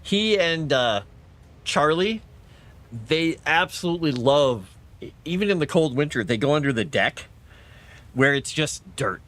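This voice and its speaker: A man's voice: fairly high pitch, expressive, measured pace, long pauses, a bit bright. A man streaming a video game at home in a casual chat, stopping to coo at his cat. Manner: chatty, coos and baby-talks to his cat. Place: home, indoors.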